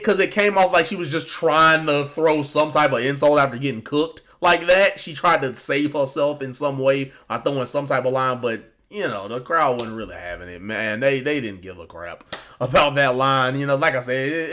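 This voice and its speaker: A man's voice: medium pitch, a bit bright. A man giving casual, rambling reaction commentary on a show, with lots of fillers and restarts. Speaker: wrestling commentary YouTuber.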